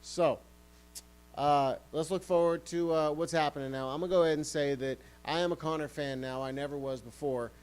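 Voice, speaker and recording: A man's voice: a little high, fairly even intonation, fairly quick, a little mellow, clean tone, poor audio. A man hosting a sports podcast, ranting heatedly and swearing often. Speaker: podcast host.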